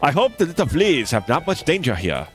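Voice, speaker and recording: A man puts on a fussy male bug brewer from a video game, talking in clipped, broken English with a hammy mock French accent. The voice swoops widely in pitch. Faint music plays underneath. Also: huge pitch swings, brisk. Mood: worried.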